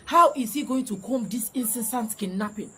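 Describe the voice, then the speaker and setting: A woman's voice: fairly high pitch, moderate pace, bright, forceful tone, slight background noise. A woman speaking with a Nigerian Pidgin accent, giving indignant online commentary. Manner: indignant, rising emphasis.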